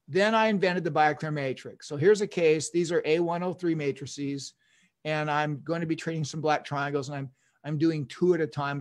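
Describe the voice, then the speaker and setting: A man in his fifties, a dentist giving an online lecture, telling stories enthusiastically with chuckles and restarts. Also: a little high.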